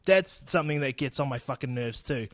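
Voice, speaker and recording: Young New Zealand man, blunt and profane podcast host, even mid pitch, dead-dry close sound. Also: fast talker, dry recording. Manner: blunt, sweary, laughing asides. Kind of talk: solo podcast rant. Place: home recording in Austin.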